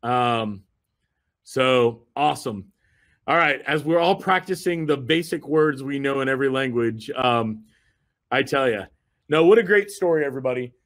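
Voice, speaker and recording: A man's voice: mid-range voice, animated, normal speed, a bit bright. A man hosting a group video call, giving a rambling, enthusiastic motivational talk full of fillers and repeated phrases.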